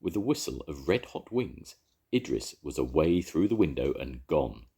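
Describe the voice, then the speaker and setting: An older man reading a children's story aloud with expressive delivery. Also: extremely low pitch, normal speed, breathy edge.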